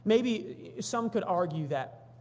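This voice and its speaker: A man's voice: sits high, takes it slowly. Man preaching a sermon in a reverberant church. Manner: reads scripture aloud, then retells it in animated everyday voices. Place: church sanctuary.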